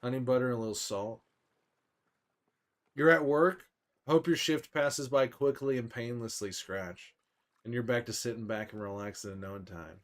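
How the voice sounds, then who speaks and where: A laid-back young man talking to his live-stream chat, greeting viewers by name and rambling about food and movies. His voice sits at a middle pitch, and his delivery is loose and conversational. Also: normal speed. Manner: relaxed, rambling, chatty, answers chat by name.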